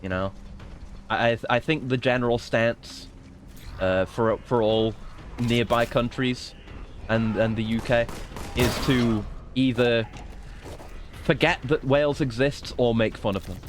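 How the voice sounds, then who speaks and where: A man's voice: mid-range voice, steady tone, measured pace, pauses often, slight background noise. A man streaming a video game, chatting casually in a profane, joking, rambling way. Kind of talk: casual gameplay commentary.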